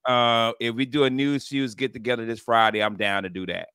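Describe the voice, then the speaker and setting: A man's voice: medium pitch, steady tone, a little fast, a bit bright, clean tone, no echo, clean studio sound. A man, a stand-up comedian, chatting casually on a radio show in an easygoing, slightly hesitant way. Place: radio studio.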